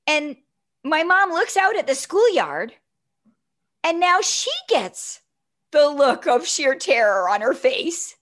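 High-voiced woman telling a story. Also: slow pace. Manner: animated, chatty, often adds "right?". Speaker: guest. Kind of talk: personal storytelling in conversation.

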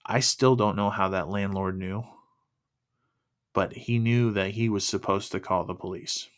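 A man sharing his personal faith testimony in an earnest, emotional, halting way. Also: lowish voice, fairly even intonation.

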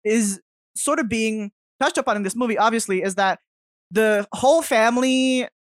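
A woman's voice: fairly high pitch, moderate pace, no echo, clean studio sound. A woman co-hosting a horror film podcast, chatty and laughing often as she muses on the movie. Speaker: podcast co-host. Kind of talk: casual film discussion.

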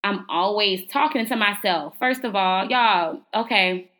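A young woman talks straight into her home podcast mic. Her voice is bright and forward, and her pitch sits in the middle. She speaks in a chatty, preaching way and calls her listeners y'all. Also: a little slow. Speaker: podcast host. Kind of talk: motivational solo podcast talk.

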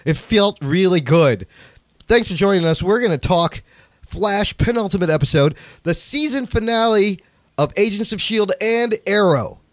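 Lively, upbeat man hosting a podcast. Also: high voice, normal speed, no room sound. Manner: upbeat, playful, laughs often. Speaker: podcast co-host. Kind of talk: casual podcast chat.

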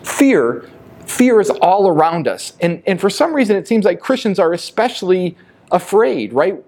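A man's voice: high-pitched, a little mellow. Male pastor, earnest emphatic sermon delivery. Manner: earnest, emphatic preaching with repetitions.

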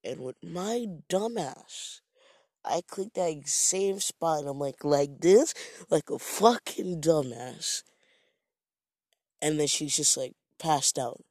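Male storyteller from Jamaica, higher-pitched, unhurried, profane and rambling, dry sound. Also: expressive, darkish tone, no echo. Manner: rambling, profane, self-mocking. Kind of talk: casual storytime monologue.

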